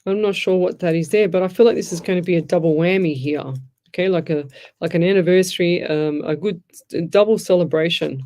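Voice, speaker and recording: A woman's voice: on the low side, a little fast, dark tone. A middle-aged woman, a psychic medium hosting a show, chatting loosely and giving frank advice while reading out comments. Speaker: psychic medium radio host. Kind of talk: casual live-stream chat, reading out comments.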